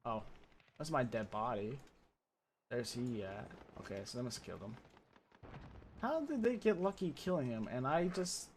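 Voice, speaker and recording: A man talking casually over his own gameplay, chatty and self-mocking, with sudden loud bursts of frustration. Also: mid-range voice, very animated, moderate pace, long pauses, slight background noise. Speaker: gaming streamer.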